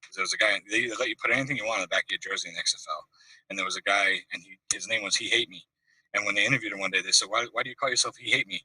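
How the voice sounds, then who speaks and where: A man's voice: lowish voice, very fast, sharp tone, slightly rough, no room sound, recorded from a distance, low-quality recording. A man telling a long funny anecdote on a video call, acting out the voices of people in it and laughing often. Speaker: call-in guest. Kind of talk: casual storytelling.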